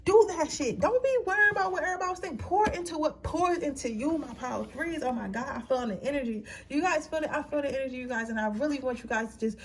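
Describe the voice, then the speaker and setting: A woman's voice: sits high, quick pace, hardly any pauses. A young woman doing a casual tarot reading, giving a slangy, swearing pep talk while crying. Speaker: tarot reader.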